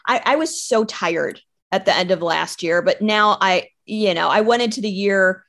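A woman's voice: mid-range voice, normal speed, a bit bright. Chatty woman guest on a podcast. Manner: chatty, candid, stumbles into sentences. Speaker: guest, recruiting business owner. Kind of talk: casual interview chat.

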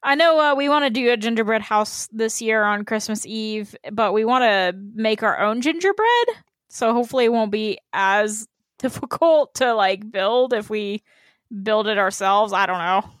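A woman's voice: fairly high pitch, expressive, normal speed, no room sound. A woman co-hosting a podcast, chatting casually and reading listener emails aloud in an easygoing, slightly hesitant way. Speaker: podcast co-host.

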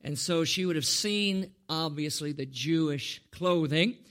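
A man preaching a sermon, animated, firing rhetorical questions at the congregation and calling on listeners by name. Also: fairly high pitch, measured pace.

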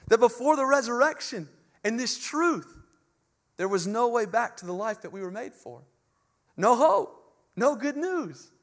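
A man preaching an Easter sermon, earnest and impassioned, with emphatic repetition and swings between hushed phrases and loud climaxes. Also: sits high.

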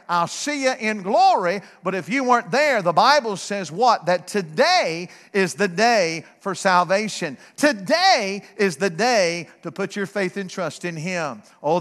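A middle-aged man preaching a sermon, fervent and repetitive, building to shouts. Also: sits high. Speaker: guest preacher. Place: church sanctuary. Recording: long hall reverb.

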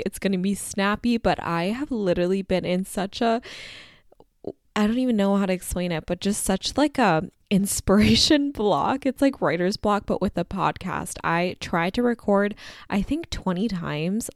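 A young adult woman hosts her own podcast in a candid, chatty monologue, saying "like" constantly and swearing freely. Her mid-range voice is captured dry and at studio quality.

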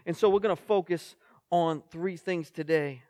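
A man's voice: fairly high pitch, moderate pace, darkish tone, no room sound. A male pastor in his forties, reading scripture and telling a story in a sermon with mounting intensity. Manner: storytelling preacher, rising in intensity.

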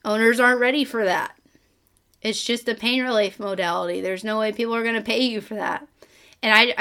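A woman's voice: on the high side, a bit bright. Choked-up woman giving an earnest pep talk. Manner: earnest, pep-talk delivery with repeated calls to action; frequent fillers and restarts. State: emotional, choked up. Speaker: podcast host. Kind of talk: motivational podcast monologue.

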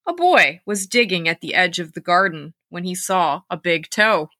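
Bright woman reading scary stories aloud. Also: fairly low pitch, moderate pace, dry recording, clean studio sound. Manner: animated reading with acted-out quotes. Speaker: podcast host and storyteller.

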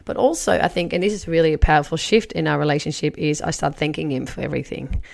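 A woman in her forties, a life coach, teaching through a personal story in a chatty, animated way. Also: deep voice, fast talker, vocal fry. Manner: chatty, animated, acts out her own past remarks.

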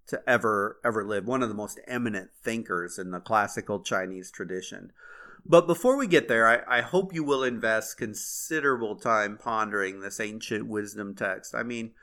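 Male podcast host, bright tone, earnest and chatty, reads a passage and then reflects on it. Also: on the low side. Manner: earnest, conversational, with fillers and restarts.

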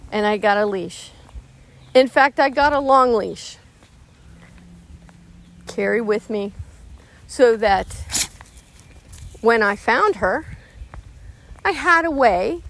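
A middle-aged woman dog trainer talks slowly and calmly, her somewhat high voice steady and reassuring as she walks through a lesson. Soft outdoor ambience sits faintly behind her. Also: slight background noise. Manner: calm, measured, reassuring. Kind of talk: instructional storytelling.

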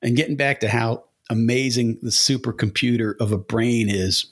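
Husky-voiced man rambling on a podcast. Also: medium pitch, steady tone, normal speed, fairly bright tone. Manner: rambling, blunt, swears casually, asks rhetorical questions. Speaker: podcast host. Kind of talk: casual solo podcast monologue.

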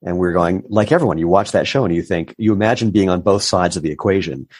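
Man telling a story in a low, dry voice. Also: fast talker, husky, no room sound. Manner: animated storyteller who acts out quoted voices. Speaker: entrepreneur guest. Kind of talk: casual interview storytelling.

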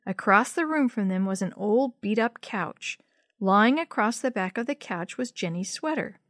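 A woman's voice: mid-range voice, animated, normal speed, a bit bright, no echo, clean studio sound. Woman reading a children's story aloud. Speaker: narrator. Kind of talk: storybook read-aloud narration.

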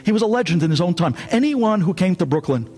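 A man, a rabbi, giving a sermon in an animated, dramatic storytelling way. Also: high-pitched, quick pace, soft background music.

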